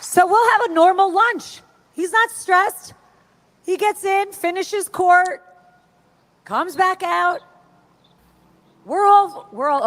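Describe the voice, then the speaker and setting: A woman telling animated stories to a crowd and acting out the voices of the people she quotes. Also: very high-pitched, slow, pauses often. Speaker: speaker at an event. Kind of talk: storytelling speech to a crowd.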